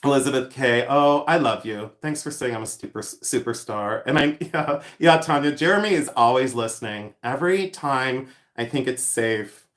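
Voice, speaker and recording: A man's voice: mid-range voice, lively intonation, moderate pace, fairly bright tone. A man hosting a casual livestream, reading out viewer comments and rambling with lots of ums and laughter. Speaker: livestream host selling vintage jewelry. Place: echoey room. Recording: echoey room sound.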